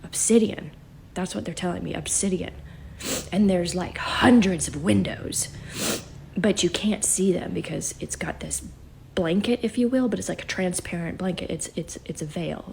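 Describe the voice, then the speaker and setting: Shaken woman, halting half-whispers, gravelly. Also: lowish voice, darkish tone, a little hiss or hum. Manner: halting, often drops to a whisper. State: shaken and emotional. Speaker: self-described psychic vlogger. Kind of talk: emotional spoken channeling.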